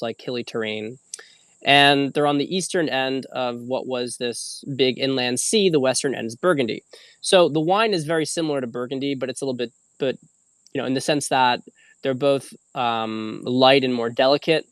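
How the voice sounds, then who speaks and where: Male host, casual meandering delivery, middle pitch, dead dry room. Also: fairly bright tone, clean tone, no room sound. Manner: rambling, casual, swears freely. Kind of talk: casual livestream talk.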